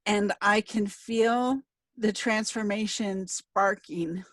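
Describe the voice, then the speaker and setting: A woman's voice: mid-range voice, steady tone, slow, fairly bright tone, no echo. A middle-aged woman hosting a casual interview, telling a heartfelt story in an earnest, emotional way. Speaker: podcast host and speaker.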